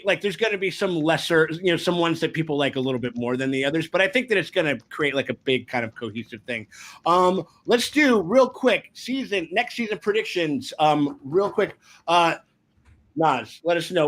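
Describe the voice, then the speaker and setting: Male host, fairly high voice, rambling casual livestream banter. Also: a bit bright. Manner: rambling, restarts often. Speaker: podcast host.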